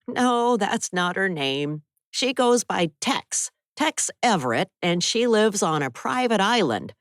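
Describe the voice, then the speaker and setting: A woman reading the part of a cautious male violin teacher in an audiobook, speaking softly and soothingly. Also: mid-range voice, very animated, slow, no room sound, studio quality, voice pushed up. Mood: measured. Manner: soft, soothing delivery. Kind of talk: audiobook character voice.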